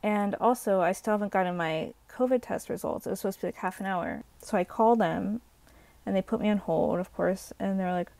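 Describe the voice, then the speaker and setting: A young woman tells a casual, rambling story, packed with fillers and exasperated asides. Her voice is mellow with a gravelly fry, and the sound is dry and close. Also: mid-range voice, fairly quick, no echo. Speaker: vlogger. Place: hotel room.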